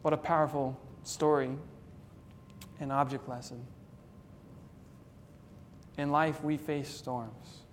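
A man with a slightly higher voice preaches a sermon with earnest, dramatic weight, drawing out his key words. A faint low rumble sits under the recording. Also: fairly even intonation, in a large hall. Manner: earnest, dramatic, slowing for emphasis. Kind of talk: sermon retelling a story.

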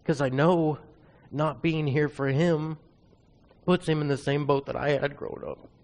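A man's voice: on the high side, fairly even intonation, a little slow, a little mellow. Earnest man preaching a testimony. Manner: earnest, confessional storytelling. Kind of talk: sermon with personal testimony.

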